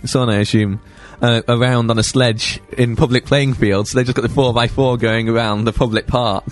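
A man hosts a casual radio chat show from a studio. He talks fast and chatty, often tripping over his words and restarting. His pitch sits at an ordinary middle level. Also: fairly even intonation, faint music behind. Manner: chatty, quick, stumbling restarts.

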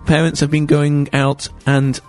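A man hosting a radio show, chatting casually and quickly with stumbling restarts, in a radio studio. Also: on the high side, level tone, faint music behind.

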